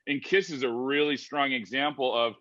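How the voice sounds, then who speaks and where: A man's voice: mid-range voice, fairly even intonation, moderate pace, bright, forceful tone, dry recording, highs cut off. A man hosting a podcast in casual chat, hesitant and often restarting his sentences. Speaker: podcast host.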